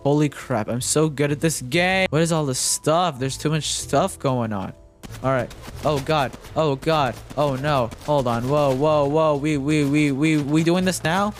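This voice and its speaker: A man's voice: fairly high pitch, measured pace, soft background music. A young man giving frantic, jokey commentary while playing a game, repeating himself and yelping when he gets startled. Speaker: gaming commentator. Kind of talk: casual gameplay commentary.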